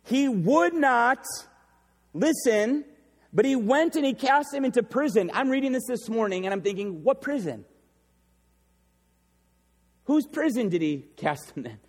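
A man's voice: very high-pitched, lively intonation, moderate pace, pauses often, a little mellow, breathy edge. A man preaching a sermon as pastor, emphatic and repeating key phrases for effect. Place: church sanctuary. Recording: long reverb of a large hall.

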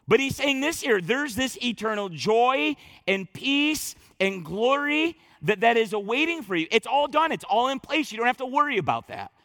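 A man preaches a sermon with a high, bright voice. He talks emphatically, doubling words and restarting phrases as he drives each point home. The sound is close and dry. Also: very animated, moderate pace, hardly any pauses, no echo. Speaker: pastor.

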